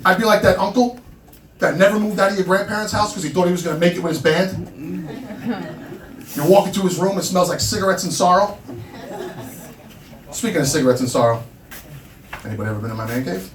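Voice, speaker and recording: A man's voice: high-pitched, fast talker, long pauses. A man in his thirties from Long Island doing a stand-up set in a small comedy club, telling brash, self-deprecating stories. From Long Island, New York. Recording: roomy club sound from a distance, loud crowd.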